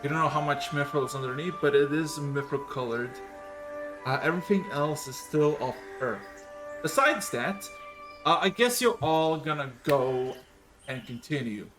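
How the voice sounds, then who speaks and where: A man narrating a tabletop game as game master, halting often with filler sounds. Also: a little high, lively intonation, over music. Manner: hesitant, many filler sounds.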